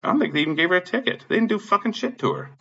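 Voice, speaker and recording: A man ranting angrily about his neighbors and landlord, swearing constantly and admitting he is high. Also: lively intonation, racing, vocal fry, pushed and bright, muffled recording. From Illinois. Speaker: tenant complaining about his apartment complex. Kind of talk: angry profane rant.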